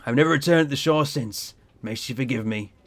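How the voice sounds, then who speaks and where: A man reading as a gruff old sea captain. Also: medium pitch, close to an everyday voice. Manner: slow, heavy storytelling read-aloud.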